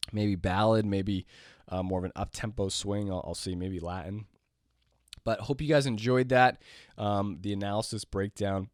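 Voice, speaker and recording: Low-voiced man teaching jazz piano. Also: a little slow, no echo, studio quality. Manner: relaxed, rambling, many fillers and restarts. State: losing his voice, clearing throat. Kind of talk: casual spoken lesson.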